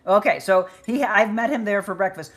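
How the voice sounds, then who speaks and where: A woman's voice: mid-range voice, normal speed. A woman hosting a live chat show, upbeat and chatty as she reads out viewers' comments and names. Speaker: livestream host.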